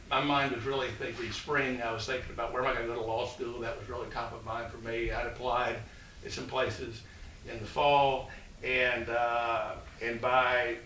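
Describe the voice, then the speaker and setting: Older guy rambling through old stories, bright tense voice, echoey room and far off mic. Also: medium pitch. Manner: folksy, rambling, with many fillers. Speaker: college president giving a talk. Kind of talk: storytelling talk to an audience. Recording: echoey room, distant mic, faint noise.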